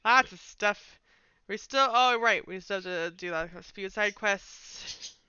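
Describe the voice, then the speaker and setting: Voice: mid-range voice, a little slow, bright, forceful tone, smooth, no echo, dull audio. A game streamer rambling through a live let's play, reading game text and trailing off in self-mocking asides.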